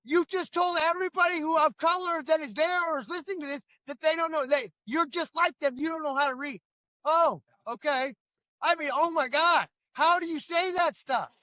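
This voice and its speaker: A man's voice: extremely high pitch, steady tone, brisk, few pauses, bright, forceful tone, no echo, lo-fi sound. A middle-aged man co-hosting a political talk show, ranting in an indignant, emphatic way. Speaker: co-host.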